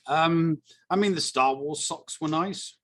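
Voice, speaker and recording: A man's voice: fairly high pitch, slow, a bit bright. An English man co-hosting a podcast, chatting casually in a blunt, dry and wry way. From England. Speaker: podcast co-host. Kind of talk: casual chat.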